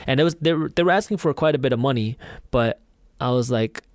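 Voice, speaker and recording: A man's voice: mid-range voice, fast talker, no echo. A young man talks as a podcast guest, his voice climbing and dipping as he acts out what he thought back then. The sound is dry and close to the mic, with no room around it. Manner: animated, acts out his own past thoughts and quoted voices. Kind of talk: casual storytelling in an interview.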